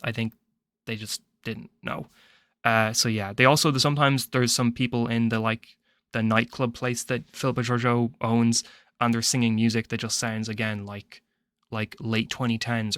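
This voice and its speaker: An Irish man rants his way through a casual film review, opinionated and rambling, often doubling back on his words. His voice sits at an ordinary middle pitch. The sound is close and dry, with no room around it. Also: a bit bright, no room sound. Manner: rambling, opinionated ranting with frequent restarts.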